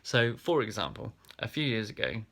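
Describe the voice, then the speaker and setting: A man's voice: lowish voice, big pitch swings, normal speed, fairly bright tone. A man from England's Black Country talking through a casual, self-reflective vlog, rambling and hesitant with frequent ums and restarts. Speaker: vlogger.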